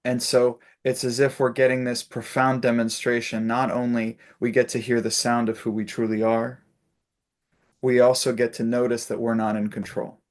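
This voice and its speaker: Guy leading a spiritual zoom chat, tells stories, laughs a lot, mid pitch. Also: level tone, moderate pace. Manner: warm storytelling with laughs and acted-out quotes. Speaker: spiritual group facilitator. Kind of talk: casual spiritual talk on a video call. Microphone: video call.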